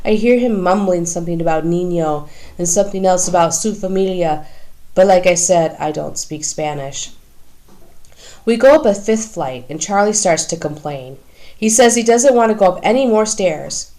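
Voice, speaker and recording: A woman narrating a first-person audiobook in an even storytelling manner. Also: fairly low pitch, normal speed, poor audio.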